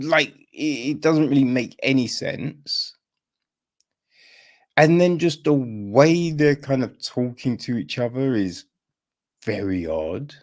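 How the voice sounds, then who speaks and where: Guy ranting about a movie on a podcast, voice jumps all over, slow deliberate delivery. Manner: incredulous, rambling, with many fillers; swings between high exclamations and low mutters. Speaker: film review podcast host. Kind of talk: casual podcast film review.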